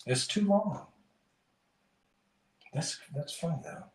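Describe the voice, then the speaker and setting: This man hosts a podcast, swapping casual chat and jokes while he rambles, self-corrects, and chuckles his way through stories. He speaks on the high side, expressively, drawing out his words. It sounds roomy, picked up by a distant mic.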